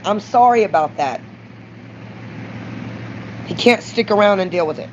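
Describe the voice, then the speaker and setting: A woman's voice: mid-range voice, expressive, normal speed, long pauses, darkish tone, slight background noise. A middle-aged woman from Mississippi with a Southern accent, rambling bluntly and profanely to camera in a confessional vlog, voice rising at times. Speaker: vlogger. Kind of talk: raw confessional monologue to camera. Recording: dull lo-fi recording.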